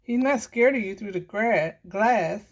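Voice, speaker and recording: A woman's voice: medium pitch, a little slow. A woman filming on her phone from indoors by a window, cooing to a cat in sing-song baby talk. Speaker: pet video maker.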